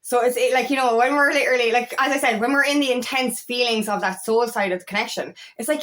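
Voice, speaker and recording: A woman's voice: on the high side, quick pace, hardly any pauses, a bit bright. A woman coaching on twin flame journeys, talking straight to her viewers in a blunt, emphatic way and swearing freely. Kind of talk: unscripted spiritual talk to camera.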